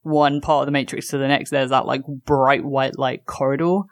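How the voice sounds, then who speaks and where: A woman's voice: extremely low pitch, flat delivery, moderate pace, dry recording, studio quality. A woman co-hosting a podcast, talking in a loose, chatty way with lots of fillers and restarts. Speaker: podcast co-host. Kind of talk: casual chat.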